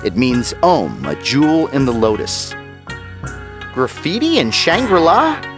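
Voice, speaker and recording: A man's voice: medium pitch, wildly swooping pitch, measured pace. A man voicing a jokey, irreverent male AI companion in a video game, cracking sarcastic asides. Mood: wry. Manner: sarcastic, playful, chants and sings. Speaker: wisecracking sidekick in a video game. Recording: game audio with music behind. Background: game music.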